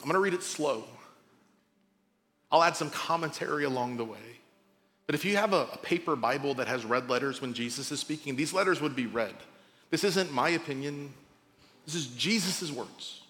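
A man preaching a sermon as pastor, talking informally and swinging between loud emphasis and quiet drops. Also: a little high, expressive, moderate pace, big-room sound. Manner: conversational, informal asides.

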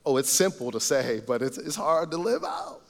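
A man preaching a sermon as pastor, earnest, rising to loud emphatic lines and dropping to soft low asides. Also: lively intonation, moderate pace, creaky, in a large hall. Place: church sanctuary.

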